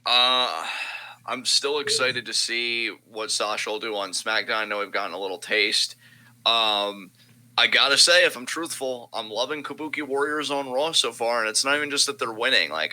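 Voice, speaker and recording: Bright, sarcastic young man ranting. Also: lowish voice, normal speed, low-quality recording. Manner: animated, sarcastic, swears freely. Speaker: podcast co-host. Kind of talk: casual wrestling commentary chat.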